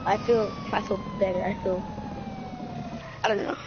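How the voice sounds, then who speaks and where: A woman's voice: medium pitch, steady tone, moderate pace, dull audio, heavy background noise. A woman taking part in an improvised roleplay, talking in a hesitant, chatty way.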